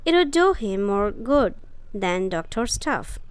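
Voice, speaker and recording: A woman's voice: mid-range voice, sing-song, slow pace, clean tone, no echo. Woman reading as Deacon, a kind country boy. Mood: friendly.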